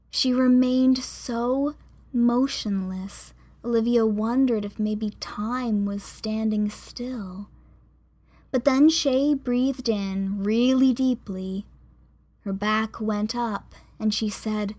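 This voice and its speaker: A woman with a medium-pitched voice narrates an audiobook. Her scripted reading is measured and expressive.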